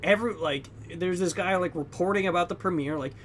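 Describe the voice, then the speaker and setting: A young man co-hosting a podcast, casually retelling a movie plot with lots of "like" and "you know", acting out characters in loud, high bursts. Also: fairly quick, a little hiss or hum. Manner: heavy use of fillers like "like" and "you know". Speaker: podcast co-host. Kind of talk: casual film recap.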